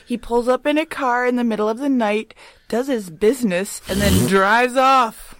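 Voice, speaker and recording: A woman co-hosting a podcast, reading out odd news stories and bantering along the way. Her voice is fairly high, and the recording is dry and close. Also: moderate pace, fairly bright tone, no room sound. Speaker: podcast co-host.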